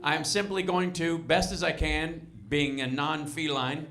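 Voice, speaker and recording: A man performing a stand-up comedy set in a restaurant, telling exasperated stories with loud bursts. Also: on the high side, steady tone, unhurried, gravelly. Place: restaurant comedy show with live crowd. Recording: live room with crowd noise.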